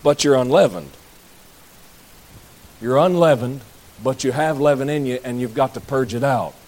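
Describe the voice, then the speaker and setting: A man's voice: medium pitch, normal speed, a little mellow. Folksy preacher man. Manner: folksy, jokey asides to the congregation. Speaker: pastor. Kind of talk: sermon.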